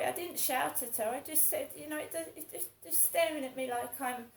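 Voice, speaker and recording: A woman in her fifties vlogs in a casual, rambling monologue, repeating herself in an aggrieved way. Her voice is high-pitched and creaky at normal speed. The low-quality recording is reverberant, with a little hiss or hum.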